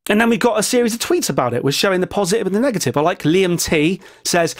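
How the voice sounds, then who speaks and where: A man's voice: high-pitched, lively intonation, fast talker, hardly any pauses. A man giving a rambling, jokey vlog commentary full of chatty asides. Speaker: vlogger. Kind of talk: casual opinion vlog commentary.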